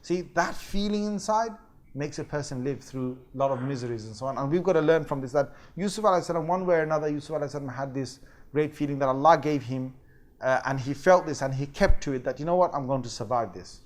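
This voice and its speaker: A man teaching a religious lecture, telling the story in a lively way and acting out quoted voices and fake crying. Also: a little high, quick pace. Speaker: Islamic teacher.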